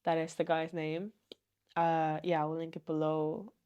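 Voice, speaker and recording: Soft-voiced woman, earnest and reflective. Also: low-pitched, level tone, unhurried, smooth, muffled recording. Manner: gentle, earnest, meandering. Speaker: vlogger. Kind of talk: reflective personal vlog.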